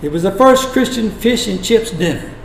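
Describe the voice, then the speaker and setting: A man preaching a sermon, retelling scripture as dramatic storytelling with long pauses. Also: sits high, animated, creaky, a little hiss or hum. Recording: echoey room.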